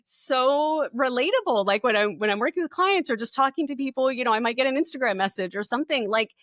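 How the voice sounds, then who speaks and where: A woman podcast co-host telling a personal story in casual chat, animated and laughing as she acts out what people said. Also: sits high, fast, no echo, studio quality.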